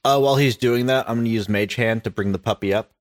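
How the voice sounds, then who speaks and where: A man's voice: mid-range voice, fast talker. A man playing in a tabletop game, describing his character's actions in a dry, matter-of-fact way. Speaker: player.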